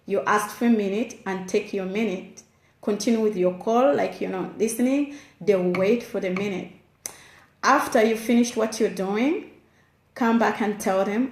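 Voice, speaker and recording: A woman's voice: medium pitch, normal speed, a little mellow. Earnest woman giving parenting tips, roomy echo. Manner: direct and earnest, addresses listener as "you". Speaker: parenting advice speaker. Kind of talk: instructive advice talk.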